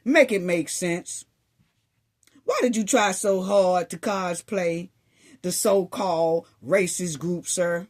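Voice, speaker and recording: A woman giving a sarcastic, scolding opinion monologue, full of rhetorical questions. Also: medium pitch. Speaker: commentary vlogger.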